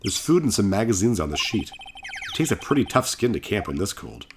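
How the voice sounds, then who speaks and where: A man's voice: fairly low pitch, very animated, a little fast, noisy background. A man in his thirties playing a game on his channel, chatting casually, reading out dialogue, and rambling with lots of self-corrections. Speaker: gaming channel host.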